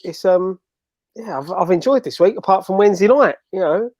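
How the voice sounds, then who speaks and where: High-pitched bloke, chatty and dry-sounding, calling in over video from home. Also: male voice, expressive, a little fast, darkish tone, no room sound. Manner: chatty, repeats himself as he talks. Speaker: regular panelist. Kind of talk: casual chat. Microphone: video call from home.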